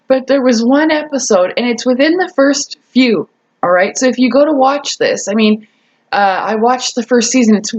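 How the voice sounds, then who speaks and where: A woman's voice: fairly high pitch, muffled recording. A woman vlogger telling a casual story to camera, chatty and laughing often, with many restarts.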